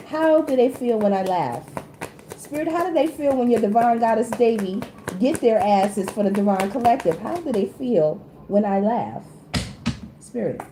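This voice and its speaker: A woman with a slightly high voice gives a casual tarot reading to camera as host of her channel. She's chatty and teasing, laughs a lot, and uses loose slang, with reverb and a noisy background.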